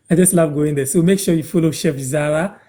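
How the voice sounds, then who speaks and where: A man's voice: on the high side, warm tone. Ghanaian man teaching words on a live stream. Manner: repeats phrases slowly for learners. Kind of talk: casual live-stream language lesson.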